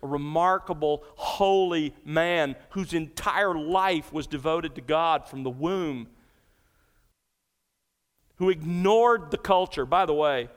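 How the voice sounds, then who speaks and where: A pastor delivers an expository sermon in a slightly high, slow voice that's clear and resonant, pressing his congregation with earnest, emphatic rhetorical questions. The recording comes from a large hall with a long reverb tail.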